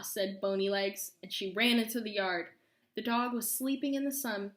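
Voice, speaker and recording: A woman reading a children's story aloud, expressive and slowing for suspense. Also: mid-range voice, echoey room. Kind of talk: read-aloud story narration.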